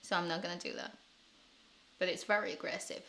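A woman's voice: fairly low pitch, steady tone, a little fast, creaky, sharp tone, a little hiss or hum. A woman, chatting casually on her live stream, laughing often and repeating words as she thinks. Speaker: streamer and show host.

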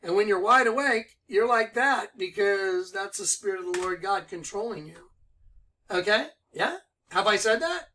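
A man preaching excitedly to an online audience, firing rhetorical questions and commenting on a clip. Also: high voice, normal speed, a little hiss or hum.

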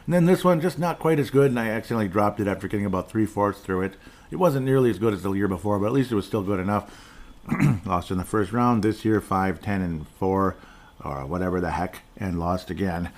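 A man's voice: on the low side, fast talker, a little mellow. A middle-aged man hosting a casual solo sports podcast, rambling and digressive with chuckling asides. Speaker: podcast host.

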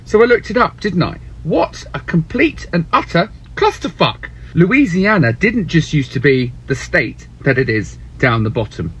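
A man retelling history in an animated comic way, swearing and putting on voices. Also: high voice, normal speed, breathy edge. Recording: dull lo-fi sound.

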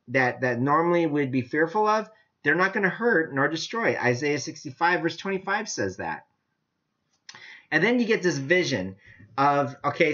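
Animated, chatty male preacher. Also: on the high side. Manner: animated, chatty, laughs often. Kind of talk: casual sermon teaching. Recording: dull lo-fi sound.

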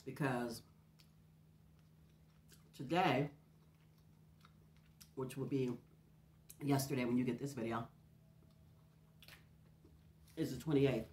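Low-voiced woman chatting while eating. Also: fairly even intonation, takes it slowly, long pauses, a little mellow, a little hiss or hum. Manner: chatty, confiding, talks between bites with hums. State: runny nose. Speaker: mukbang host. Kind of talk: casual storytelling while eating. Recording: roomy echo.

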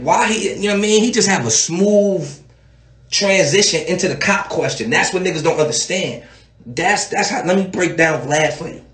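A man giving animated, slangy commentary, breaking things down with street talk for his viewers. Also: high voice, roomy sound. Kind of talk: casual video commentary.

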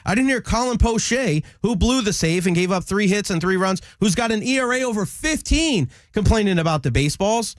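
A man's voice: high voice, no echo, studio quality. A male sports radio host ranting in a heated, scolding way, hammering his points again and again. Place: radio studio.

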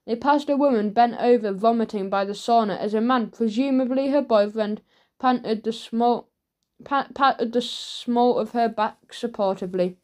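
A woman reads a children's audiobook aloud. Her storytelling is lively and clear. Her voice sits a little high for a woman. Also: normal speed. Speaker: audiobook narrator.

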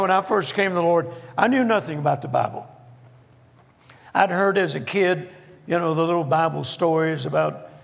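An older man preaching a folksy, jokey sermon as guest minister in a church, slowing down to stress points. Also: a little high, gravelly. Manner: folksy, jokey, slows down for emphasis. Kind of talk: humorous storytelling sermon. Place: church auditorium. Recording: reverberant church hall.

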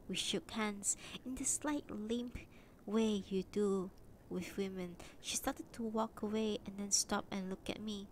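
A woman reading a novel aloud on a livestream, narrating calmly and steadily, at times dropping to a whisper. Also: medium pitch, a little slow, a little hiss or hum, rough recording. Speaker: reader.

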